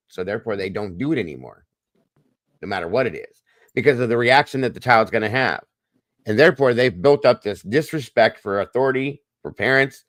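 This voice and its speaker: A man's voice: lowish voice, a bit bright, no echo. A middle-aged man, hosting and telling a long personal story in a blunt, rambling way. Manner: rambling, blunt, repeats himself. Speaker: podcast host. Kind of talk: casual storytelling monologue.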